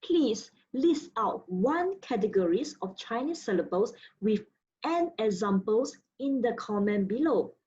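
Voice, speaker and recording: A woman's voice: fairly high pitch, expressive, a little slow, a little mellow, muffled recording. A woman teaching Mandarin pronunciation, drawing out syllables with their tone contours and explaining in simple, slightly non-native English. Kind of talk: slow pronunciation lesson.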